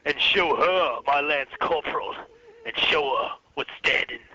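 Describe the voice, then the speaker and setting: A cocky, swaggering wrestler boasts in a drawl, as a man puts him on. The tone stays bright and sharp, and the audio is dull and lo-fi. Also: on the high side, measured pace, a little hiss or hum. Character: impression of a swaggering male wrestler.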